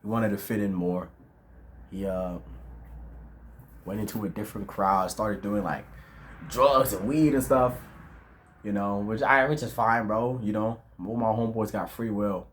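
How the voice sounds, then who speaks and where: Young man, low voice, rambling vlog talk, slangy and self-reflective, faint hiss behind. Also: fairly even intonation, measured pace, long pauses. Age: 20s. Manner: reflective, with lots of fillers and slang. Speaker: vlogger. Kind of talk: casual rambling monologue. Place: outdoors at dusk.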